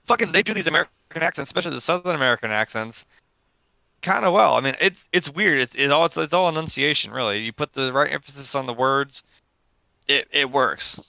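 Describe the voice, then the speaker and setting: A man co-hosting a film chat podcast, swearing constantly and rambling excitedly about movies. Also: medium pitch, a little fast, creaky, no room sound. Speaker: podcast co-host. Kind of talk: casual chat.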